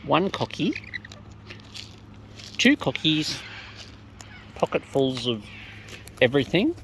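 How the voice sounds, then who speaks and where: A woman's voice: low-pitched, big pitch swings, slow pace. A woman chatting playfully to wild birds in a coaxing, babyish tone while feeding them outdoors, recorded on a hand-held phone. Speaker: bird-feeding vlogger. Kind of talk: casual talk to wild birds. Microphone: phone held close. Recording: outdoor phone recording, loud bird noise.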